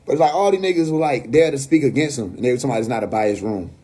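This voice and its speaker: Man, New York accent, husky voice, blunt, casual livestream rant. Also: medium pitch, rapid-fire, mellow. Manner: blunt, profane, laughing asides. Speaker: livestream host.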